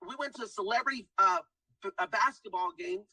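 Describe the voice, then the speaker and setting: A man's voice: sits high, fast talker, pushed and bright, no room sound, far from the mic, low-quality recording. A man giving an emphatic motivational testimonial, keeps saying guys and hyping people up. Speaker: testimonial speaker. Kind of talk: motivational pitch.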